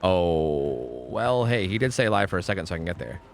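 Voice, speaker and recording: A young man streaming a video game, rambling and swearing, swinging between groans and excited outbursts. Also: deep voice, fairly quick, faint music behind. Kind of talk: live gameplay commentary.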